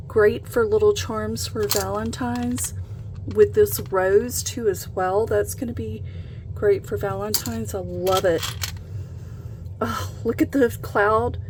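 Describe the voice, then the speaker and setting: A woman hosting a craft channel, chatting casually and gushing with excitement as she unboxes a package. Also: mid-range voice, background noise. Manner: gushing, excited, gasps and laughs often.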